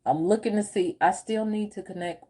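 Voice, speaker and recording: A woman's voice: medium pitch, moderate pace, warm tone, breathy edge. A woman business coach chatting casually on a livestream, telling stories with frequent laughs and answering viewer comments. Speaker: group home business coach.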